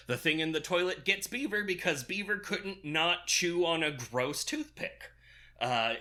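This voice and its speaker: A man co-hosting a podcast, giving a sarcastic, deadpan recap of a movie plot with lots of filler. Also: fairly high pitch. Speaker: podcast co-host.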